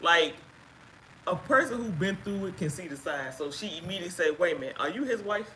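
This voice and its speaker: A woman casually telling a personal story on a live stream, chatty and halting with fillers, acting out what others said. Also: on the low side, lively intonation, a bit bright, a little hiss or hum, rough recording. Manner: chatty, halting with fillers, acts out quoted speech. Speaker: guest sharing her story.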